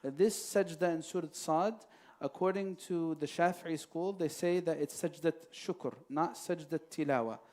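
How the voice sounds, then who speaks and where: A man with a rather high voice answers questions from a mosque audience. He explains step by step, with many fillers and short quotes recited in Arabic. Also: a little slow, darkish tone. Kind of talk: religious Q&A talk. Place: mosque hall.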